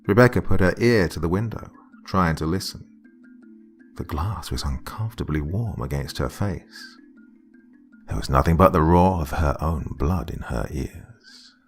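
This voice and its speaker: A man narrating a scripted horror story in a hushed, dramatic storytelling manner. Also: very deep voice, gravelly.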